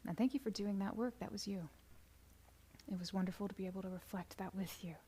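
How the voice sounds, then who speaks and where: Woman reading out chat comments on a livestream, soft and breathy, slips into whispers, laughs a lot. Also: medium pitch, steady tone, quick pace. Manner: soft-spoken, often dropping to a whisper, bursts into laughter and sung greetings. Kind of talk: live stream chat, gentle and affirming.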